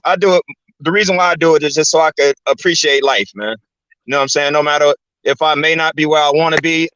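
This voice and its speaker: On his channel, a man with a bright, forceful mid-range voice delivers a rambling, profane rant as a casual monologue. The recording is dull, lo-fi and dry, with no echo, and his talk is full of "man" and "you know what I'm saying."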